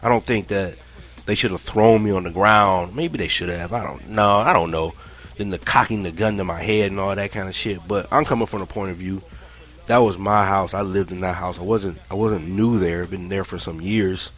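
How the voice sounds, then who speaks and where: A man's voice: low voice, normal speed. A man telling a personal story in a casual, rambling way, swearing often and restarting his sentences. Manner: profane, rambling, animated retelling with many restarts.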